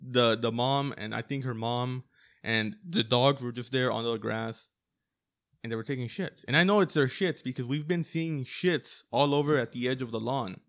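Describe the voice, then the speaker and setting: A young man co-hosting a casual podcast chat, exasperated and quick to swear. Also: medium pitch, a bit bright. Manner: exasperated, swears freely, laughs often. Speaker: podcast co-host.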